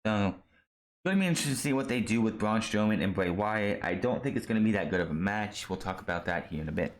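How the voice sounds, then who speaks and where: Male wrestling reviewer, lowish voice, blunt and exasperated solo rant. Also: lively intonation, fast. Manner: blunt, exasperated, rambling with restarts. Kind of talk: casual solo commentary.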